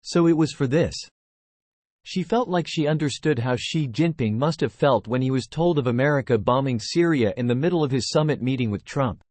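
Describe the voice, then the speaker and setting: A man narrating a web novel in a plain, steady reading. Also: mid-range voice, normal speed, no room sound. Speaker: audiobook narrator.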